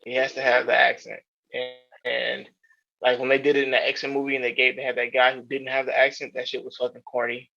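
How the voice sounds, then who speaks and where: Gravelly, bright-voiced man ranting casually. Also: mid-range voice, a little fast. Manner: rambling, profane, animated opinions with many restarts. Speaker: podcast co-host. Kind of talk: casual chat. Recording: dull lo-fi sound.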